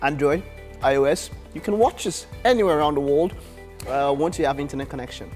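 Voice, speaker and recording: A man's voice: a little high, a little fast, faint music behind. Joking man co-hosting morning TV. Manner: jokey, laughing, animated teasing. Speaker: morning show co-host. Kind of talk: live breakfast TV banter.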